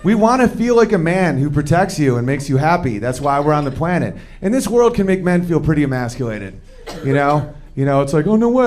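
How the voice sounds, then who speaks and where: A man performing a stand-up comedy routine, telling stories with quick shifts into acted-out quotes of men and women, on a comedy club stage with a handheld mic while the audience laughs. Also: on the high side, a little mellow.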